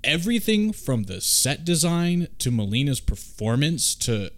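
A man hosting a casual film discussion, talking in an animated, rambling way and swearing freely. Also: on the high side, unhurried.

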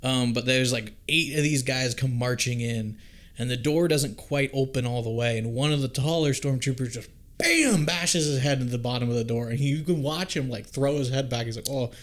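A man in casual movie watch-along chat, animated and profane, jumping into quick put-on voices for the characters. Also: medium pitch.

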